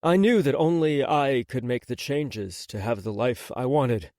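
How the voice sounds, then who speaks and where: A man narrating a first-person romance audiobook in an expressive, intimate way. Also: mid-range voice, unhurried, no room sound, clean studio sound.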